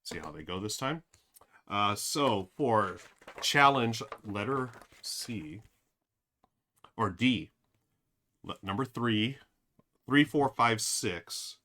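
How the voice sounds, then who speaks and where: Guy streaming a board game, lowish voice but bright and punchy, lots of uh's, chatting with viewers. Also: lively intonation, takes it slowly, long pauses. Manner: rambling, thinks aloud, many fillers; addresses chat directly. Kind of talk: casual live-stream commentary.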